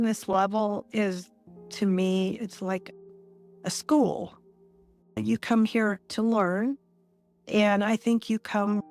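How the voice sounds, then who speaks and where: A woman in her sixties speaks slowly and thoughtfully as an interview guest. She recounts her story with pauses between phrases. Soft music plays faintly underneath. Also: medium pitch. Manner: measured and reflective, pausing between phrases.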